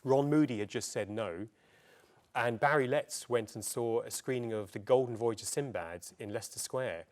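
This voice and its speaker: A man's voice: medium pitch, moderate pace, a little mellow. A middle-aged man giving a public talk at a festival, chatty and anecdotal, with frequent ums as he tells stories. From England. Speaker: presenter. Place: festival venue before an audience.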